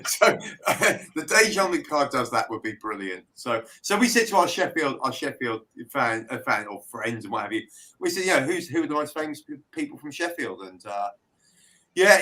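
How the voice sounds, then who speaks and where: A British band member in casual conversation. His voice sits a little high for a man, and he tells his stories with a ready laugh. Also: sing-song, moderate pace, sharp tone, poor audio. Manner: chatty, laughing storyteller. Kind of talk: casual chat.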